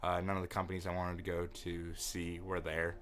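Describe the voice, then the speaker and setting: A young man co-hosting a casual podcast, telling stories in an animated way, swearing and laughing often. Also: sits low, a little fast, a little hiss or hum. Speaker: podcast co-host.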